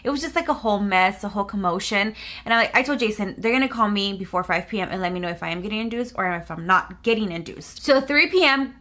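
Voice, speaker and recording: A young woman vlogger telling her story in a chatty, animated way, acting out the dialogue as she goes. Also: medium pitch, quick pace. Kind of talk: storytime vlog.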